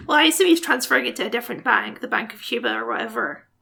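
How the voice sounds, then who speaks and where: A woman's voice: on the high side, fast talker, vocal fry, sharp tone, slightly rough. A woman co-hosting a podcast, making wry, playful comments on a film and mimicking sound effects. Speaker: podcast co-host. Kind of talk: casual film recap chat.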